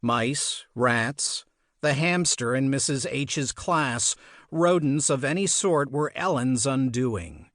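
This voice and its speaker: A man narrates an audiobook in a measured, expressive storytelling style, reading scripted narration. His voice is medium-pitched, and the studio sound is clean with no room ambience.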